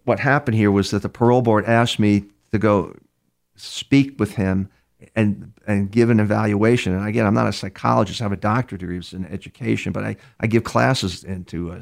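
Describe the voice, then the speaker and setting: A man's voice: on the low side, gravelly. A man from New York, a criminal profiler, telling case stories in an interview with many restarts and repeated words. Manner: acts out other speakers' words inside his stories. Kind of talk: storytelling in a conversational interview.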